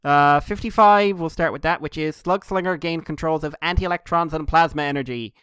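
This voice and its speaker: A man's voice: a little high, fairly quick, fairly bright tone, clear, resonant tone, dry recording, studio quality. A man co-hosting a casual podcast, recapping comics in a rambling, laughing way. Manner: rambling, laughing, with jokey quoted voices. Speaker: podcast co-host.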